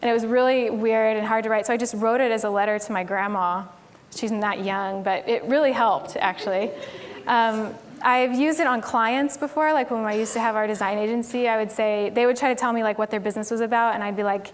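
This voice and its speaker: On a recording with a little hiss or hum, a woman with a fairly high, steady voice speaks fairly quickly. She's a Tennessee conference speaker giving a casual, chatty stage talk full of "like" and "um."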